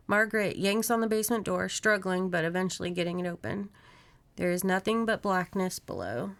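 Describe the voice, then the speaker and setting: A woman podcast host reading a horror novel aloud in steady narration, with casual asides to her co-host. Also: medium pitch.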